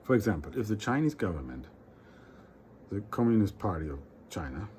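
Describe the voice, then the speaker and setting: Rambling man with a mellow low voice. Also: very animated, a little fast, a little hiss or hum. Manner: repeats words and restarts often; acts out little quoted exchanges. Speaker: vlogger. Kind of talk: rambling casual monologue.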